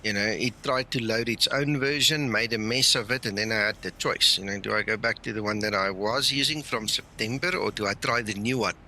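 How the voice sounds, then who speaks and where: A tired man rambles through a late-night flight sim stream, easygoing and full of little fillers. His voice sits a bit low but rings very bright. A faint background hum runs under him. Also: brisk, hardly any pauses. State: tired, yawning. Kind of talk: casual live-stream chat.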